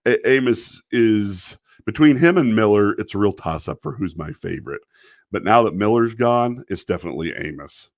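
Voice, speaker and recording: A man's voice: low-pitched, no room sound, studio quality. A man casually reviewing a TV episode on a live stream, rambling, often breaking into laughter and apologizing. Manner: quotes characters in mock voices.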